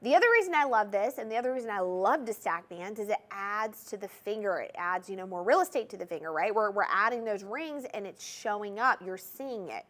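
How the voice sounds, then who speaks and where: A woman's voice: mid-range voice, expressive, brisk, few pauses, fairly bright tone. A woman with a Southern US accent hosting a TV shopping show, chatty and gushing as she talks straight to the viewers. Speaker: home shopping host. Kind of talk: TV shopping sales pitch. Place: TV shopping studio.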